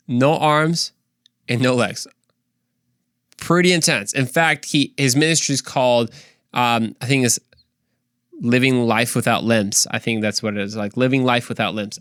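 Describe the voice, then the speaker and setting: Energetic man hosting a faith podcast, dry sound. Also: mid-range voice, no room sound. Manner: energetic, preachy and joking. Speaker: podcast host. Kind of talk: casual faith talk podcast.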